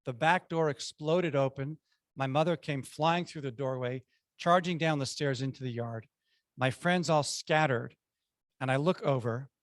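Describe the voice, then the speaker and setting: A man's voice: mid-range voice, measured pace, no echo. A man giving a prepared club speech, telling childhood stories with punchy numbered lessons.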